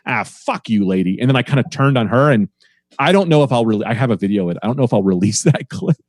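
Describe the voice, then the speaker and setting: A man's voice: medium pitch, racing, a little mellow, no room sound, clean studio sound. A man who is a comedian guest on a podcast, telling a rambling, profane story about a show in a casual, self-deprecating way.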